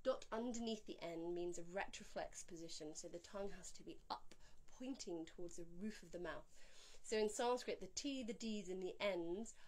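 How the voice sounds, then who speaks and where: Calm woman teaching mantra pronunciation. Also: lowish voice. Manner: calm, explanatory, slowing to a drawn-out chant on each Sanskrit word. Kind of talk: spoken pronunciation lesson with chanted examples.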